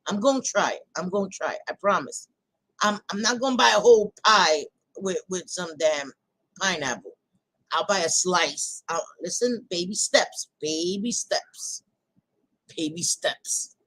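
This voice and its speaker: A woman's voice: lowish voice, expressive, measured pace, a bit bright, no echo, low-quality recording. A woman hosting a casual live chat with her viewers, talking bluntly and laughing often, with some swearing. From New York. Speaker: livestream host chatting with viewers.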